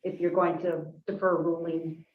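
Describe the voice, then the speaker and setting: A woman prosecutor arguing formally before a judge, measured and careful, with frequent hesitations. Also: on the low side, little pitch movement. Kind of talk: formal courtroom argument. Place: courtroom. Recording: roomy courtroom audio, muffled.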